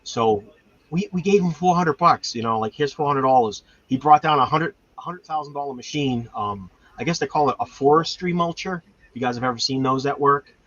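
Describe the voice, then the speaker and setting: A man's voice: medium pitch, brisk, a bit bright, no room sound. A man, hosting a homestead channel and chatting casually with lots of fillers, in a dull lo-fi recording. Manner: rambling, chatty storytelling with many fillers. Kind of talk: casual chat. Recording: dull lo-fi sound.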